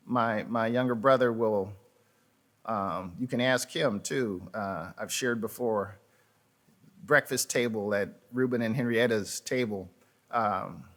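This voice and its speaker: A man's voice: mid-range voice, fairly bright tone. A man preaching a sermon as pastor, telling folksy stories with asides to the congregation, often repeating words and restarting. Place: church sanctuary.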